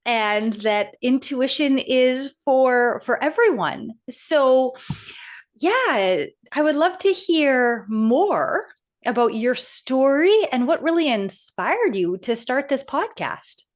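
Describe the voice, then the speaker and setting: High-voiced, unhurried woman host. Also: expressive. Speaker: podcast host. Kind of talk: interview.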